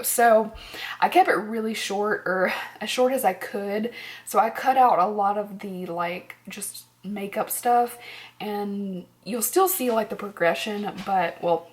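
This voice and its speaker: A woman's voice: mid-range voice, unhurried. A tired woman vlogging at home in casual chat, rambling, laughing often and dropping to near-whispers.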